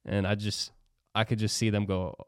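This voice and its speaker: A man's voice: lowish voice, little pitch movement, normal speed, clear, resonant tone, no echo. Laid-back young man, dry sound. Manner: laid-back, peppers speech with "bro". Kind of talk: casual podcast chat.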